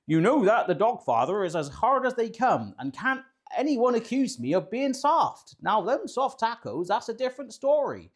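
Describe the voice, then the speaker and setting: Give me a man putting on a slow English farmer drawl. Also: very high-pitched, big pitch swings, pitched above the performer's own voice, heavily acted. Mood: boastful. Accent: English rural.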